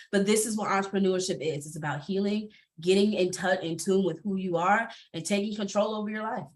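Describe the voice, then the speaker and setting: A woman speaking candidly on a panel over a video call, expressive and laughing often. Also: medium pitch, fairly quick, few pauses.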